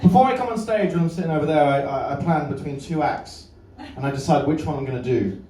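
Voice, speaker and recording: A man's voice: on the high side, lively intonation, fast, warm tone, distant mic, a little hiss or hum. A man doing a stand-up comedy set in a club, bantering with the crowd and swearing freely. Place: comedy club stage with a live audience. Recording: roomy live club recording, off-mic, crowd. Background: audience laughter.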